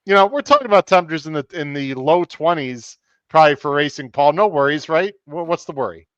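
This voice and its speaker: A man's voice: a little high, expressive, quick pace, fairly bright tone, clear, resonant tone, no echo, muffled recording. A man hosting a live-streamed podcast, chatty and upbeat, reading out viewer comments between topics. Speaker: podcast host.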